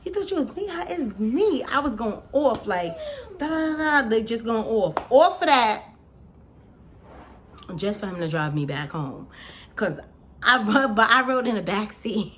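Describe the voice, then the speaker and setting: A young adult woman vlogger telling a story in a casual, animated, slangy way, full of "like" and "y'all". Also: a little high, measured pace, long pauses, slight background noise.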